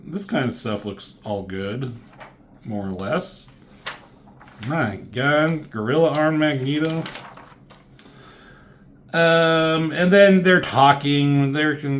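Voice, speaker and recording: A man giving a casual, rambling comic book review, swearing freely and filling pauses with "um". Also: mid-range voice, a bit bright. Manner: rambling, profane, lots of fillers.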